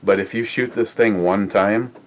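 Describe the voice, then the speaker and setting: A man hosts a laid-back beer review podcast, rambling along with curse words and frequent "uh"s. He talks at a normal speed in a lowish, steady tone, and a slight hiss or hum sits under the recording.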